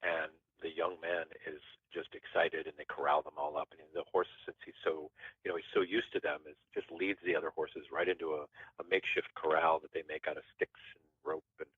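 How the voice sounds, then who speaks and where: A man's voice: extremely low pitch, level tone, a little fast, slightly rough, no echo. A man telling a story as a podcast guest in a casual, rambling way, often restarting his phrases. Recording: tinny phone-line sound.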